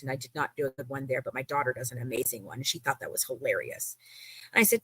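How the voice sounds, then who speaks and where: A woman's voice: rumbling low, moderate pace, dry recording. A woman from the United States co-hosting a live stream, retelling a heated online feud with profanity and sarcasm. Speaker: livestream co-host. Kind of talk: casual storytelling on a live stream.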